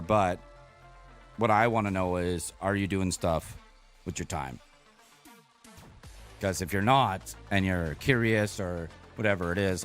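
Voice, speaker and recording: Deep-voiced rambling male streamer. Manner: rambling, earnest, swears often. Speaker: game streamer. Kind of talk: casual live-stream chat.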